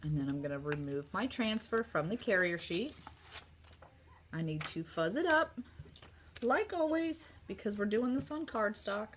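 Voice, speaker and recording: A woman demonstrating card making in a casual craft tutorial, chatty and upbeat, talking straight to her viewers while her sore throat makes her voice a little rough. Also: mid-range voice, animated, measured pace, a little hiss or hum. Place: home craft table.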